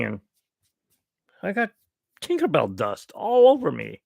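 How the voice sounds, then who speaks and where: A man's voice: mid-range voice, wildly swooping pitch, unhurried, creaky, long pauses, dry recording, clean studio sound. A man hosting his own channel, chatting casually and rambling in a joking, self-mocking way. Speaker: YouTube channel host. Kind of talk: casual live stream chat. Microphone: desk microphone.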